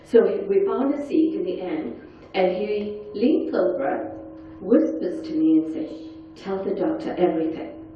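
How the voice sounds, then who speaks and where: A woman's voice: medium pitch, expressive, measured pace, faint music behind. Woman testifying in an echoey hall. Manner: earnest storytelling, quiet and intense. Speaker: panel speaker. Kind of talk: personal testimony talk. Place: large conference hall. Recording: echoey, dull hall sound from far off.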